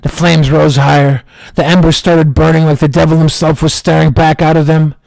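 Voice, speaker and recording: Man, comic host telling a fake scary story slowly and deadpan; fairly high pitch, very dry audio. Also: gravelly, dry recording. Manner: mock-dramatic, slow deadpan delivery. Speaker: streamer.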